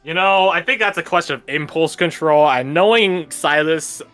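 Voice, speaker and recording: A man's voice: fairly high pitch, normal speed, fairly bright tone, faint music behind. A young man running a tabletop game as game master, teasing and laughing often.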